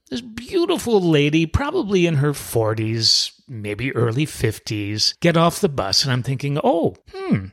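A man hosting a podcast, telling a story from his time as a cruise director in an animated, expressive way. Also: a little high. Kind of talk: storytelling monologue.

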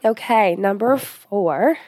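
A woman's voice: medium pitch, lively intonation, slow pace, mellow, no room sound, clean studio sound. A young woman talking casually as a host giving advice, chatty with lots of fillers, a little short of breath. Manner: chatty, many fillers and asides.

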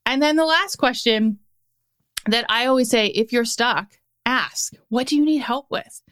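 A woman's voice: fairly high pitch, unhurried, a bit bright, clean tone. A young adult woman hosting a solo motivational podcast, talking in an upbeat, encouraging way with lots of emphatic repetition, into a podcast mic. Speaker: podcast host.

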